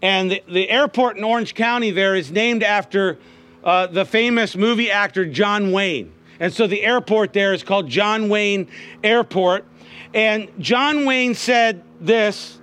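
A middle-aged male preacher with a high, bright voice, delivering a sermon. He tells homely stories and keeps checking in with the congregation. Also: unhurried. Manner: folksy storytelling, calls out "Amen?" to the congregation.

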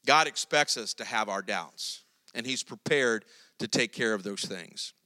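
A man preaching a sermon, retelling a Bible story in an animated storytelling way. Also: lowish voice, measured pace, no echo. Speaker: pastor.

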